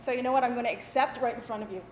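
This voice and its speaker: Chatty high-voiced woman host. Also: very fast. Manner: animated, chatty, addresses the audience. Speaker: talk show host. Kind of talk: storytelling monologue to a studio audience. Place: studio with live audience. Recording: echoey studio with audience noise.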